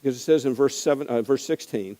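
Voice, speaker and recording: A male pastor preaching a conversational sermon that swings between hushed, grave moments and impassioned emphasis. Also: medium pitch, fast talker, long reverb tail, poor audio.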